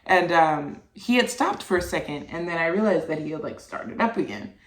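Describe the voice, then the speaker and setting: A woman's voice: lowish voice, very animated, normal speed. A young adult woman hosting a solo podcast, talking candidly and loosely, full of "like" fillers and casual swearing. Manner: candid, rambling, heavy on "like" fillers, swears freely. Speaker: podcast host, mother. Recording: roomy, voice distant from the mic.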